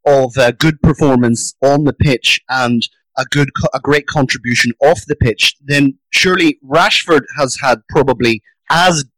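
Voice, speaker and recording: A man co-hosting a football podcast, calmly summarizing a colleague's argument. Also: medium pitch, normal speed, hardly any pauses, no room sound, rough recording. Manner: calm, summarizing another's point. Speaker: podcast co-host. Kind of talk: casual football podcast chat.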